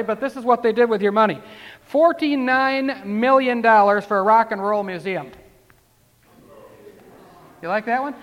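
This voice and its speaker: Male preacher, very high voice, conversational sermon that swells into emphatic declarations. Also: fairly bright tone, big-room sound. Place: church.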